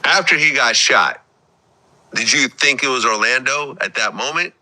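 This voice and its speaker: A man's voice: mid-range voice, expressive, moderate pace, pushed and bright, rough recording. A man hosting a casual interview, retelling events and pressing his guest with follow-up questions. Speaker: host.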